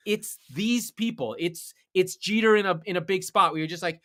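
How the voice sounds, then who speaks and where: A man co-hosting a podcast, chatting casually about soccer, getting excited and swearing when worked up. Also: high voice, moderate pace, few pauses. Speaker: podcast co-host. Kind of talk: casual sports chat.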